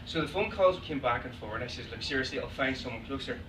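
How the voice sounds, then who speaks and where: A man's voice: medium pitch, animated, quick pace, a bit bright. An Irish man, a photographer, telling funny anecdotes to an audience, laughing often. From Ireland. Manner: chatty, laughs often, acts out quoted exchanges. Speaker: photographer giving a talk. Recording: echoey room, distant mic, noisy.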